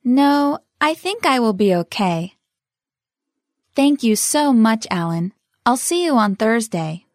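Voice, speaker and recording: A woman's voice: a little high, animated, normal speed, hardly any pauses, darkish tone, no room sound, studio quality, close to an everyday voice. A woman playing a polite young student. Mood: slow, clear. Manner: polite, earnest. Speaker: voice actor in a language lesson dialogue.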